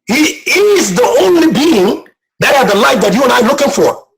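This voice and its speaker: A man delivers a sermon in a high voice, pressing his points with repetition and building to shouts. He sounds emotional, close to tears. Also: expressive, normal speed, gravelly, rough recording. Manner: impassioned, repetitive, rising to shouts. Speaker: guest preacher.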